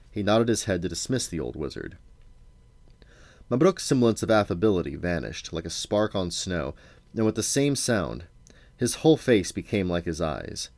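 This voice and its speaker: Deep-voiced father reading aloud. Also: sing-song, normal speed, a little mellow, no echo. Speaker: father reading to his sons.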